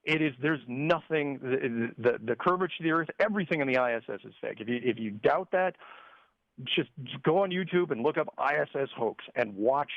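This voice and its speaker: A man talking as a guest on a call-in radio interview, animated and excitable, with stumbling restarts, heard over a phone line. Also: medium pitch, a little fast, gravelly, no room sound. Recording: dull lo-fi phone line, dry.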